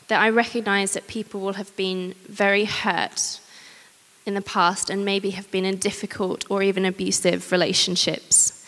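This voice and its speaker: A woman preaching a sermon, candid and personal, with gentle humor. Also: medium pitch. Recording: long hall reverb.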